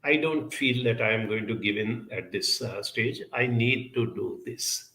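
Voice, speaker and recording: A man answers audience questions in an earnest, measured advisory talk and stacks up his points one after another. His voice is bright and edged with a gravelly rasp. The sound carries a noticeable room echo. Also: mid-range voice. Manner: measured, earnest, builds lists with many pauses and fillers. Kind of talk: advisory talk on relationships and emotions. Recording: echoey room.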